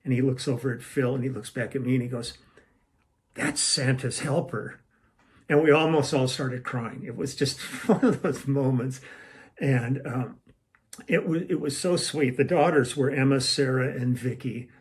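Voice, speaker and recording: A man's voice: mid-range voice, moderate pace, darkish tone. An older man telling a long story casually at home, meandering and acting out what people said. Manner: rambling, meandering, acts out quoted lines. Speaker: musician telling a tour story. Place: at home, room with a shelf.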